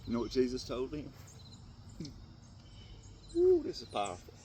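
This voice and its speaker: A man giving an impassioned, tearful Christian motivational talk to other men, swinging from hushed tones to loud bursts. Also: mid-range voice, wildly swooping pitch, moderate pace, slight background noise. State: tearful at times. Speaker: faith speaker addressing men.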